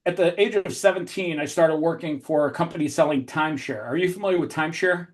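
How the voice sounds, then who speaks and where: A man telling animated business anecdotes as an interview guest, energetic and full of quick restarts. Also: a little high. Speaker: entrepreneur guest. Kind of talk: storytelling podcast interview.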